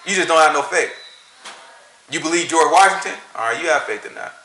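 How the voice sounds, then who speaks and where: A man with a Southern American accent rants casually in a slightly high, expressive, sharp voice at a somewhat fast pace, in a rough, roomy recording. His monologue is full of preachy rhetorical questions, and he laughs at his own points.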